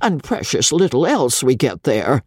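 A man doing a grave, slow old butler. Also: medium pitch, big pitch swings, breathy edge, no echo, studio quality. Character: grave pompous older male butler.

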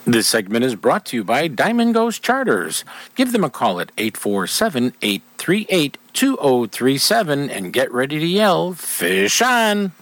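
Animated folksy radio host, man. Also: medium pitch, moderate pace, slight background noise. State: has a slight cold. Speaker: radio outdoors show host. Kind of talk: radio talk and live ad reads. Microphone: radio studio mic.

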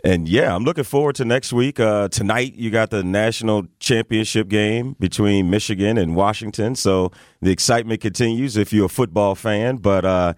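A man co-hosting a radio morning show in casual chat, easygoing and measured, with frequent filler words. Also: lowish voice, no echo, studio quality.

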